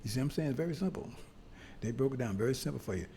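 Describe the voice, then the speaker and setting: A man preaching a sermon to brothers and sisters, talking in a loose, conversational way and often asking "see?" with halting restarts and bursts of emphasis. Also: medium pitch, animated, vocal fry, mellow, a little hiss or hum. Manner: conversational, repeats "see?" to the congregation.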